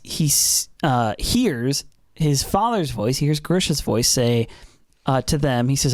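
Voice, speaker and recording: A man's voice: mid-range voice, moderate pace, no room sound, studio quality. A young man co-hosting a casual podcast, recapping an anime episode with lots of fillers and restarts. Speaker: podcast co-host.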